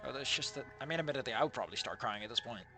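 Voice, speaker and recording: A host reading fan fiction aloud and giving sarcastic, exasperated commentary, swearing, laughing and trailing off into quiet asides. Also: mid-range voice, expressive, racing, over music. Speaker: fan fiction reader and critic.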